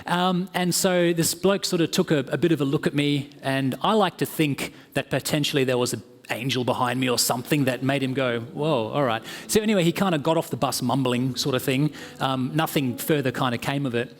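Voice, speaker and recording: A man's voice: medium pitch, brisk, hardly any pauses. A man with an Australian accent giving a sermon as a guest preacher, telling stories in an earnest, conversational way with fillers. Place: church hall. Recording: church hall with long reverb.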